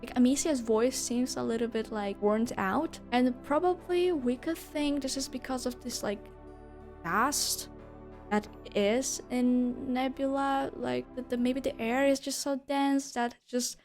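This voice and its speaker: A woman's voice: sits high, measured pace, a little mellow, faint music behind. A young woman reviewing a video game in a casual, gushing way, swearing and laughing often.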